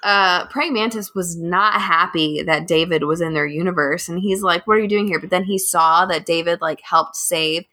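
Animated woman telling a strange story. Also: on the low side, moderate pace, few pauses. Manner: animated storytelling, acts out quotes with laughs. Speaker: podcast co-host telling the story. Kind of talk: casual storytelling chat.

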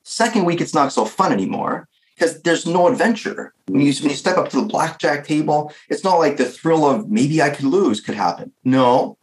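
Guy spinning a story on a podcast, animated, lots of "like". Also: fairly high pitch, moderate pace, rough recording. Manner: animated, uses filler "like". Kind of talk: storytelling in casual chat.

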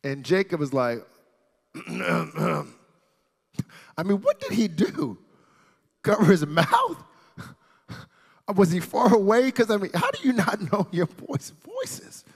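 Male preacher, animated storyteller, high voice, big hall reverb. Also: unhurried, husky. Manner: playful asides, builds to shouting.

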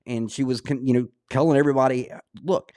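A man with a mid-pitched voice talks earnestly on a podcast and fills his speech with "you know" and "um." The recording is dry and close. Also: steady tone, fast talker, darkish tone, clear, resonant tone, no echo. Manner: earnest, conversational, with filler words. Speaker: podcast co-host. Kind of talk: casual chat.

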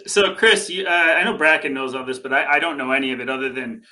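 A man's voice: medium pitch, fast, bright, forceful tone. A man co-hosting a running podcast, joking and teasing in casual chat. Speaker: podcast co-host.

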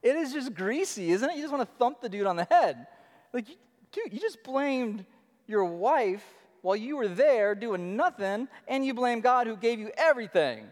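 A high-pitched male pastor delivers an animated sermon, rising to punchy emphasis and dropping to near murmurs. His voice rings out with a long hall reverb. He sounds like a man in his thirties. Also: normal speed. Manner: animated preaching, shifting between loud emphasis and low murmurs.

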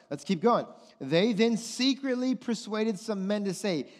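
A man preaching a sermon, animated and conversational, often putting questions to his listeners. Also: high voice, moderate pace, hardly any pauses, in a large hall. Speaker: pastor.

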